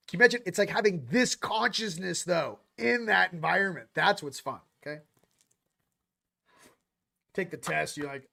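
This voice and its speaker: A man's voice: high voice, expressive, fairly quick, creaky, bright, forceful tone. A man hosting a casual spiritual chat show, rambling between topics in a slangy, offhand way. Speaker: host.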